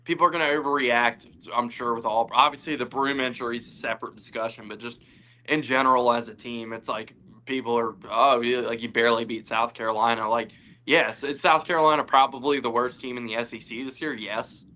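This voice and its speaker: A man's voice: medium pitch, fairly even intonation, brisk, bright, forceful tone. A young man co-hosting a casual sports chat, talking loosely with lots of fillers. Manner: loose, filler-heavy talk. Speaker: co-host.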